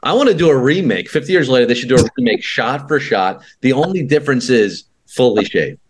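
A man's voice: medium pitch, animated, a little fast, a little hiss or hum. A man co-hosting a podcast, joking and rambling about a film with frequent restarts. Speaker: podcast co-host. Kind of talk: casual film chat.

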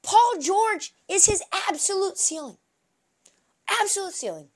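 A woman hosting a podcast, delivering a profane, animated sports rant that swings from shouted outbursts to low, mumbled asides, with a migraine. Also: unhurried. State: has a migraine. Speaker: podcast host.

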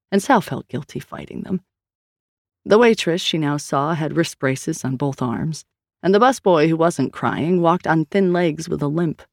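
Audiobook narrator, woman, steady even read; dry close mic. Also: low voice, dry recording. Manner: steady storytelling reading. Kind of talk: scripted narration.

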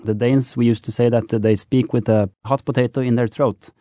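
A man's voice: mid-range voice, steady tone, brisk, dark tone, dry recording, studio quality. A man from Norway with a Norwegian accent, a radio guest answering easily with some hesitations. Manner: easygoing, hesitant with fillers.

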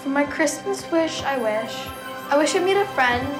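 A woman's voice: sits high, lively intonation, moderate pace. An actress playing an awkward young woman in a film, speaking dryly. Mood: deadpan. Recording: film clip, echoey with music.

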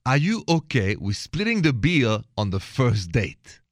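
Suave French-accented radio host. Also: male voice, mid-range voice, sing-song, measured pace, no room sound, clean studio sound. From France. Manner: suave, chatty, laughs easily. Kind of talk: call-in radio show.

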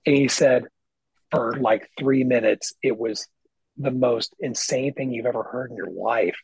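A middle-aged man, a guest guitarist, telling stories in casual podcast chat with lots of swearing and animated emphasis. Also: mid-range voice, unhurried, gravelly, breathy edge, no room sound, low-quality recording. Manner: profane, animated storyteller. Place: lives in Nashville.

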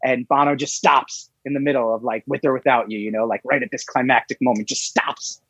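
A man guesting on a casual podcast, telling stories in a relaxed way and laughing easily. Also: mid-range voice, fairly quick, husky, no echo. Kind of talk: casual chat. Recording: dull dry lo-fi sound.

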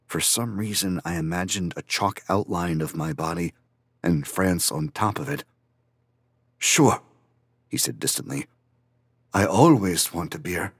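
A man narrating a first-person audiobook in a quiet, reflective, even way. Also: sits low, no echo.

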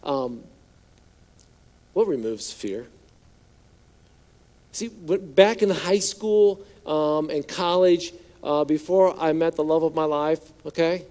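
A male pastor preaching a sermon in a conversational, joking way, slipping into hushed voices for quoted lines. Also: a little high, slow, pauses often. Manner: conversational, playful asides, acts out quotes in hushed voice.

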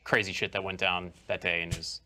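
A man co-hosting a podcast in casual chat, quick and offhand, swearing freely. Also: low-pitched, flat delivery, sharp tone. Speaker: podcast co-host. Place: podcast studio.

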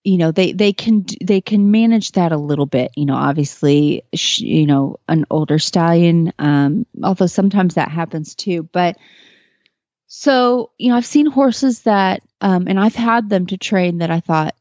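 A woman's voice: on the low side, moderate pace, darkish tone, no echo, lo-fi sound. A woman guest telling a personal story in a casual interview, earnest and emotional, with many fillers and restarts. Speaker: podcast guest, horse trainer.

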